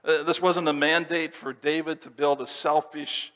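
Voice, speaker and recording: A pastor giving a sermon, explaining scripture verse by verse in a teaching manner. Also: male voice, a little high, little pitch movement, normal speed, a bit bright. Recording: long reverb of a church hall.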